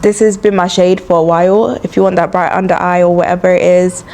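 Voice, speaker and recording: A woman's voice: fairly low pitch, little pitch movement, a little fast, mellow. A young woman with a London accent chatting frankly through a get-ready-with-me vlog, filling her talk with "like" and "you know". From London, England. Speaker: beauty and travel vlogger. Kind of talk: get-ready-with-me casual chat. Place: indoors while travelling.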